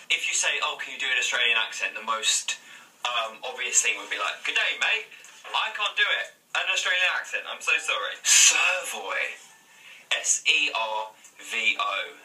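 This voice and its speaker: Self-mocking man vlogging. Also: mid-range voice. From London. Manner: self-deprecating, animated. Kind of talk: casual vlog, guessing slang. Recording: echoey room, distant mic, faint music.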